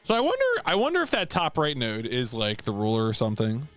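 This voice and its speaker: A man's voice: mid-range voice, very animated, brisk, a bit bright, faint music behind. A young man giving casual commentary while playing a video game, rambling and leaning on filler words. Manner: rambling, many "like" fillers, laughs to himself. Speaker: let's play host.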